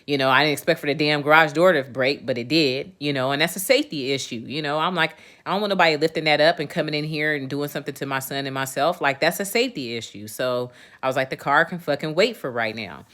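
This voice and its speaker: A woman's voice: low voice, fast, hardly any pauses, fairly bright tone. A woman in her forties talking casually to her livestream viewers, venting in a candid and emphatic way, with plenty of swearing. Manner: talks straight to viewers, often asks "you know what I'm saying". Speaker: livestream host.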